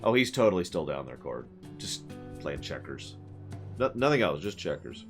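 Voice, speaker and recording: A man with a deep voice talks his way through a video game for his stream, rambling and sarcastic. His pitch jumps around a lot. Game music plays clearly behind him. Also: sing-song, moderate pace. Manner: rambling, sarcastic, laughs and reads out game lines. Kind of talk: casual gameplay commentary chatting with viewers.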